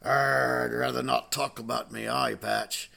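A preacher doing a gruff old pirate. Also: male voice, medium pitch, level tone, unhurried, bright, forceful tone, full character voice. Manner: growling "arr" pirate talk. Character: gruff old male pirate with a peg leg.

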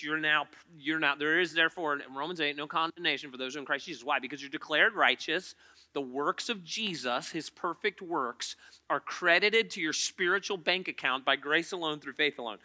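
Bright high-pitched male pastor preaching. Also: fairly quick. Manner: conversational preaching, asks the congregation questions. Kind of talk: sermon. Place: church auditorium.

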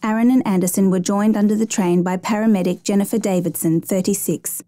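Mellow-voiced woman reading a story. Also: mid-range voice, fairly even intonation, brisk, no room sound. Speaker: narrator. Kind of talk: scripted narration.

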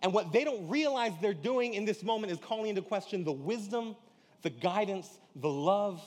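A man's voice: sits high, animated, a little fast, a little mellow. A man preaching a sermon as pastor, in a casual slangy way, often acting out quoted dialogue. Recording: church hall reverb.

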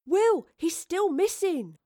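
A woman voicing an eager, excitable young boy actor in a storybook reading. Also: very high-pitched, slow pace, no room sound, clean studio sound, pitched above the performer's own voice, full character voice.

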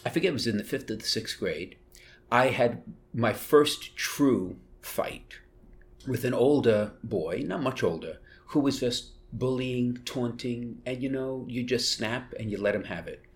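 A middle-aged man with a New York accent, a bishop telling family stories in an interview, animated and laughing as he talks. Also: medium pitch, unhurried. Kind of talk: storytelling interview.

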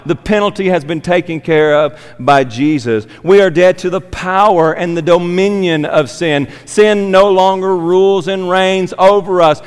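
A man preaching an expository sermon, slow and emphatic, repeating key phrases for weight. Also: a little high, clear, resonant tone. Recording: long reverb of a church hall.

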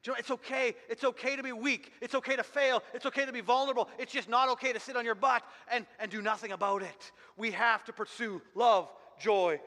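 A man with a very high, bright voice delivers a fervent sermon, repeating phrases and restarting as he drives each point home. His words ring out with a long reverb from a church hall. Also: steady tone, fairly quick, hardly any pauses. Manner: fervent, repetitive preaching with many restarts. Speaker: pastor.

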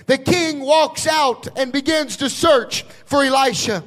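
A man preaching a sermon, retelling a scripture story dramatically and building to loud shouts. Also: very high-pitched, unhurried, hardly any pauses.

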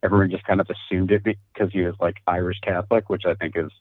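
A man's voice: sits low, level tone, fast talker, dry recording. A laid-back man co-hosting a casual podcast chat. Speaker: podcast co-host. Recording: tinny phone-like audio, dry.

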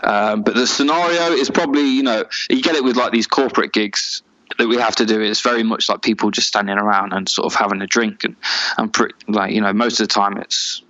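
A man's voice: lowish voice, fairly even intonation, a little fast, bright, forceful tone. Event video guy on a call, chatty and exasperated, laughs a lot, sound a bit muffled and lo-fi. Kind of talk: casual chat. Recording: dull lo-fi call audio.

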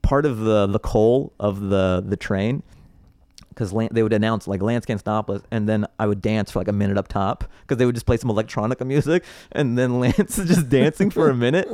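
A male comedian guest on a podcast, telling stories in an animated, casual way and laughing often between phrases. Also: on the low side, a little fast, dry recording.

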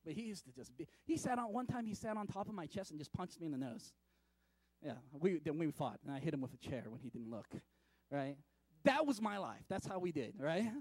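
A high-pitched man delivers a sermon in a casual, talky manner. He stumbles over repeated words and moves from loud bursts to hushed lines. The sound is dry and close. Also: lively intonation, a little fast, no echo. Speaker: pastor.

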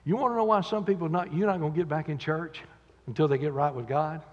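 A male preacher delivers a dramatic sermon, his lively voice swinging from booming to hushed. His tone is somewhat husky, and his voice is higher than most men's. The dull, lo-fi recording carries the long reverb of a church sanctuary. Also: quick pace. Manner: dramatic, acts out quotes, swings from loud to quiet.

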